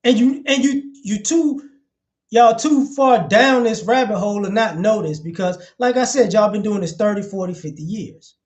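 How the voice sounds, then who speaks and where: A man's voice: high-pitched, normal speed, a little mellow. A man giving opinionated commentary in a vlog, blunt and profane, hammering his points with repeated phrases.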